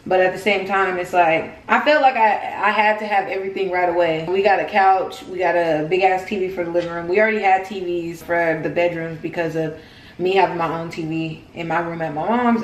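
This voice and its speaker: A woman's voice: fairly low pitch, steady tone, brisk, far from the mic, a little hiss or hum. A young adult woman vlogging at home, rambling in casual, slangy chat straight to her viewers. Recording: roomy echo in a home room.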